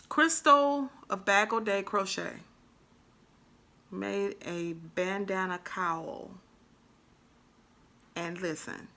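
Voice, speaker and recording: Bright-voiced chatty crafting woman. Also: medium pitch. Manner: chatty and animated, full of shout-outs. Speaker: crochet vlogger. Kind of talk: casual chat.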